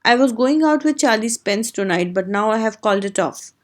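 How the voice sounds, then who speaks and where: A woman's voice: on the high side, expressive, a little fast, natural voice. A woman with an Indian English accent reading the part of a sulky, miserable young daughter in an audiobook play.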